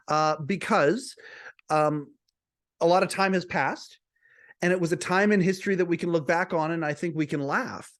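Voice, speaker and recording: A man's voice: fairly high pitch, normal speed, a bit bright. A man who hosts a podcast, telling a personal story to camera in a chatty way, often repeating words and restarting. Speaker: podcast host.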